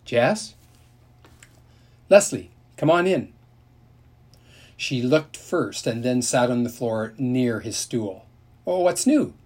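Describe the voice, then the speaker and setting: A man reading a children's novel aloud in a steady, unhurried storytelling manner, with a husky voice. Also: mid-range voice. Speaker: narrator.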